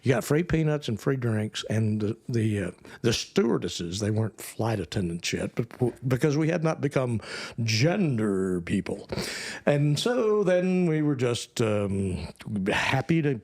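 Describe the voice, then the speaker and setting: Older man, guest actor, lively drawling storyteller, mid pitch. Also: unhurried. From Texas, USA. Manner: animated, drawling storyteller who jumps into high voices for quoted people. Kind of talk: casual storytelling chat.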